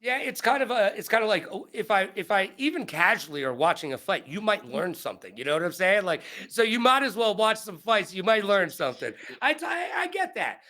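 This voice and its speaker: A man's voice: high-pitched, brisk, hardly any pauses. A man in his forties hosting an interview, joking and playful in casual chat. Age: 40s. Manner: joking, animated, playful asides. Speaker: host.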